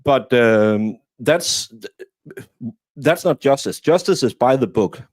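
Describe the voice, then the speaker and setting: A man's voice: medium pitch, animated, slow pace. A man from Denmark, a guest commentator in casual conversation, who often stalls and repeats words while thinking.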